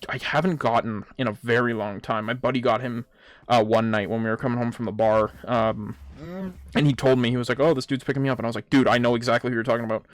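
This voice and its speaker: A man's voice: medium pitch, no echo. A young man rambling casually and swearing a lot while he plays a game and tells stories, with plenty of fillers. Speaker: gaming vlogger.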